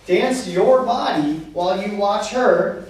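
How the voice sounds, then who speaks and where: A man's voice: sits high, takes it slowly. A man leading a dance class recap, explaining technique and chanting beats to show the rhythm. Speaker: dance instructor. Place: dance studio. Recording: very echoey room, mic far off.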